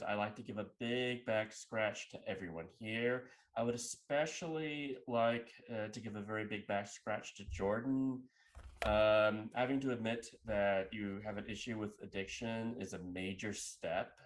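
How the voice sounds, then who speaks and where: A man co-hosting a casual podcast chat, speaking in a thoughtful, measured way. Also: fairly low pitch, steady tone. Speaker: podcast co-host.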